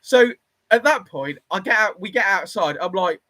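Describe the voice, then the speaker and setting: Bloke, thirties, garage owner spinning a yarn, very lively pitch, slightly raised voice, dry sound. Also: male voice, moderate pace, no room sound, poor audio. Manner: lively, animated, acts out the other voices. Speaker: garage workshop owner telling a story. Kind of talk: casual storytelling.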